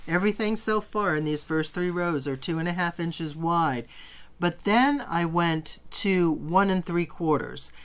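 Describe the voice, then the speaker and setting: Woman, middle-aged, quilting teacher, casual sewing tutorial, chatty, enthusiastic, fairly low voice. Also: measured pace. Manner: chatty, enthusiastic, gushing over fabrics.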